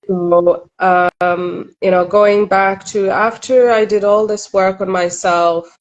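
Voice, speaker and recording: A woman's voice: medium pitch, steady tone, muffled recording. A middle-aged woman from Kenya, a relationship coach, talking candidly and reflectively in an interview. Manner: earnest, reflective, quick asides.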